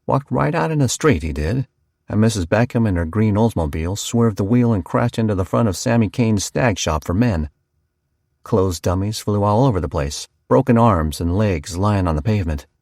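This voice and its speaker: A man's voice: on the low side, lively intonation, moderate pace, a little mellow, dry recording, clean studio sound. A man narrating a first-person horror audiobook in a folksy storytelling manner.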